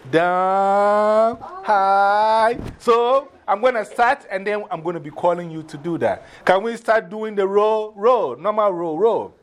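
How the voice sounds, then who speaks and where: A man leading a drumming workshop from abroad, coaxing a group through call-and-response with energetic, repeated cues. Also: sits high, slight background noise. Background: hand drums playing.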